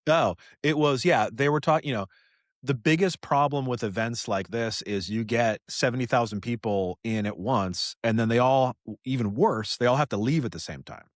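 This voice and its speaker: A man's voice: mid-range voice, moderate pace, dry recording, studio quality. An American man co-hosting a casual podcast, rambling and repeating himself with lots of "you know" and "dude". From United States. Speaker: podcast co-host. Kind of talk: casual chat.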